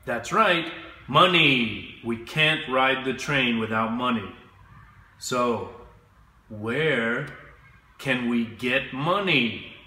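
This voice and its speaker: A man teaching English to children, speaking slowly and clearly and having them repeat words after him. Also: medium pitch, animated, pushed and bright, reverberant. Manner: slow, clear, drills words for repetition. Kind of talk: slow classroom instruction.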